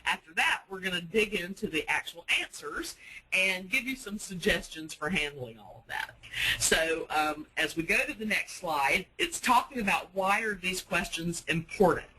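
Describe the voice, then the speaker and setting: Bright-voiced woman training storage managers. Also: on the low side, expressive, moderate pace, breathy edge, rough recording. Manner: coaching, practical, with frequent fillers. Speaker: self-storage sales trainer. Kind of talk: webinar presentation.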